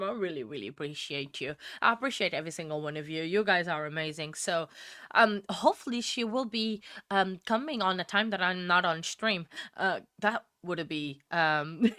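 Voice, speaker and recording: A woman's voice: on the low side, fairly bright tone, no room sound, clean studio sound. A woman hosting a livestream, chatting casually with viewers, emotional and laughing often. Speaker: livestream host. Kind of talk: casual chat with live chat.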